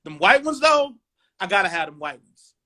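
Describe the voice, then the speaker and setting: Bright-voiced man from Cleveland, mid-forties. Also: high voice, moderate pace. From Cleveland, USA. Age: 40s. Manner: relaxed, rambling, lots of "um" and "you know". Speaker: podcast host. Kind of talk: casual chat. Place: home dining room.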